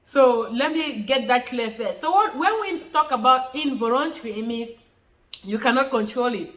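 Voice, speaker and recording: Woman with a fairly high bright voice, chatty explainer talk to viewers, says everything twice. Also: expressive, normal speed, rough recording. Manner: repetitive, restates points, many fillers. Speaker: health educator answering questions. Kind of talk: informal explanatory talk to camera.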